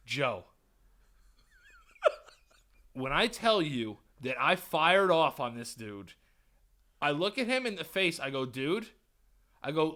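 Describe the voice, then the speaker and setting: Animated young man telling a story. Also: medium pitch, normal speed, pauses often. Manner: animated storytelling, heavy swearing. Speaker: podcast co-host. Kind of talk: casual chat.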